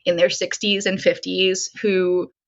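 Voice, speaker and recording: A woman being interviewed on a podcast as a nonprofit consultant and coach, telling her story in an animated way with lots of "like". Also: on the low side, a little slow. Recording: dull lo-fi sound.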